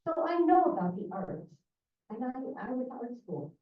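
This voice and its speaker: A woman's voice: on the high side, very animated, moderate pace. Older woman resident at council mic, echoey hall, tinny and far off. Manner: emotional, rising to exasperated. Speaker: public commenter. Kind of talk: public comment at a council meeting. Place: council chamber.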